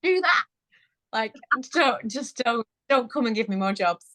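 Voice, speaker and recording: A somewhat high, slightly bright female voice at a moderate pace tells a birth story. The speaker, in her thirties, is a guest on a parenting interview, chatting casually and laughing a lot as she recalls events.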